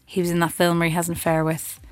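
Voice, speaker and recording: A woman's voice: lowish voice, monotone, fast, no room sound. An Irish woman radio host chatting casually on air and reading the traffic, laughing often.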